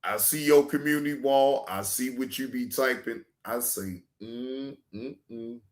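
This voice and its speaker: A man hosts a reaction show in casual livestream style, medium-pitched and measured in pace. He's slangy and profane, repeats himself, and swings from loud hype to quiet asides.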